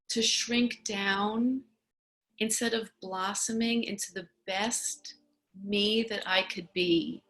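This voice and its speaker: A woman leading a guided meditation talk at a gym, speaking in a soft, earnest way. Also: medium pitch.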